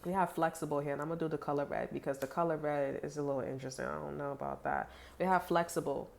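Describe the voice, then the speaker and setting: Low-voiced, blunt, swearing tarot reader woman. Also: fairly even intonation, fast, vocal fry, slight background noise. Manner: chatty and blunt, heavy swearing, many "like" fillers. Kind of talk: casual tarot reading to viewers.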